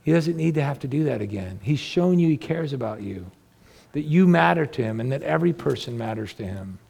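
Gravelly, earnest male preacher. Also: medium pitch, expressive, fairly quick, darkish tone. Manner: earnest preaching with rhetorical questions to the listeners. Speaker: pastor. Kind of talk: sermon.

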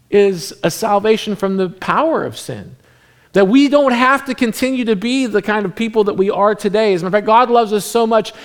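Man preaching, loud then hushed. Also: fairly high pitch, vocal fry. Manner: conversational preaching that swings from animated to hushed, near-whispered passages. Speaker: pastor. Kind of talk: sermon.

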